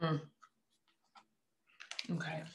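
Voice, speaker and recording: A woman giving a general tarot reading to her viewers, earnest and heartfelt, often checking in with "right?" and soft hums between thoughts. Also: drawn-out words, very noisy. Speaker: tarot reader.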